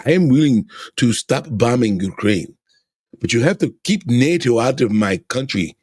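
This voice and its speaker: A man's voice: medium pitch, animated, normal speed, darkish tone, husky, no room sound, studio quality, pitched above the performer's own voice. A man voicing a stern, insistent older Russian statesman with a put-on Russian accent.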